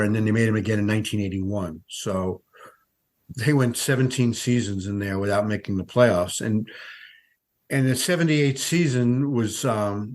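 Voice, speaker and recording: A man in his sixties, a veteran sportswriter, telling stories as a podcast guest in a conversational way with frequent restarts. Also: fairly low pitch. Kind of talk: podcast interview.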